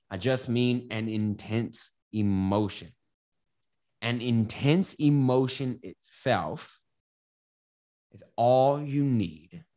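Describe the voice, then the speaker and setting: A self-help coach giving candid casual advice, explaining through a personal story with frequent restarts. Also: mid-range voice. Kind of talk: casual advice monologue to camera.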